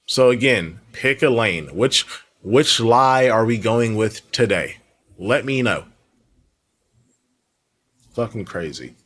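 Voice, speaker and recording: Slow, sarcastic low-voiced man. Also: lively intonation, fairly bright tone. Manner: sarcastic, mocking. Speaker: commentary host. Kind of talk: reaction commentary.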